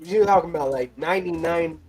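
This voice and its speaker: A man's voice: on the high side, fairly quick, a loud crowd, low-quality recording. A man hosting a crypto news show, reading headlines and then chatting loosely with his guests, swearing and laughing easily. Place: hot room with an air conditioner running nearby.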